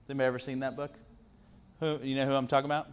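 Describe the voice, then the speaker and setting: A man's voice: medium pitch, flat delivery, racing, clean tone. A middle-aged man giving a conversational motivational talk to students, often asking the audience questions and tagging on "right?". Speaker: guest speaker. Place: university lecture room.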